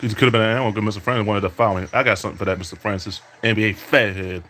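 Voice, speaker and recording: A man's voice: lowish voice, fairly even intonation, rapid-fire, bright, forceful tone. A man giving trash-talking play-by-play while playing a basketball video game, mixing mock announcer calls with taunts at his opponent.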